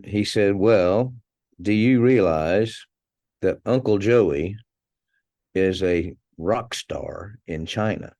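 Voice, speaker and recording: A man's voice: low voice, a little mellow, no room sound, clean studio sound. A man being interviewed as a podcast guest, telling anecdotes in a conversational way, chuckling now and then and restarting his words.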